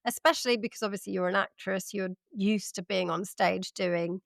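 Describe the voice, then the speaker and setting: A woman's voice: mid-range voice, moderate pace, gravelly, dry recording, clean studio sound. A woman in her forties hosting a podcast, reminiscing and asking her guest prompting questions. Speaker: podcast host. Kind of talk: casual chat.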